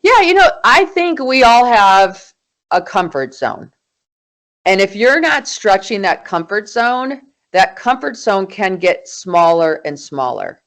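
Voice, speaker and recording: A woman's voice: mid-range voice, very animated, takes it slowly, fairly bright tone. A woman in her forties speaks as an interview guest. Her voice climbs and falls a lot as she tells her story with emphatic energy. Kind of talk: conversational interview.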